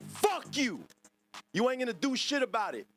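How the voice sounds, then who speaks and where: A man's voice: very high-pitched, wildly swooping pitch, moderate pace, faint music behind. A man hosting a livestream podcast, ranting angrily at his chat in a profane, drawling, sing-song way. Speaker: podcast host.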